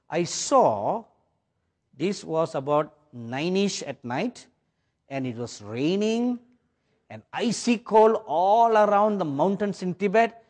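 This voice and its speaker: Indian preacher guy, british-ish accent, storytelling sermon, gets loud then drops quiet, voice on the high side. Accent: British-influenced Indian English. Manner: dramatic storytelling with sudden loud and soft swings.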